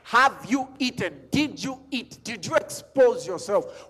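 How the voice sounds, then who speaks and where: A man's voice: extremely high pitch, sing-song, measured pace, hardly any pauses, a bit bright, breathy edge. A man preaching a sermon as a pastor, driving his points home with repeated questions and sometimes lifting scripture into a chant. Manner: emphatic, repeats lines, sings scripture.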